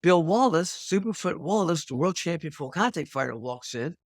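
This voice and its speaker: An older man, a podcast host, telling a personal fight story in an animated way and acting out the scenes. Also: a little high, moderate pace, no room sound, clean studio sound.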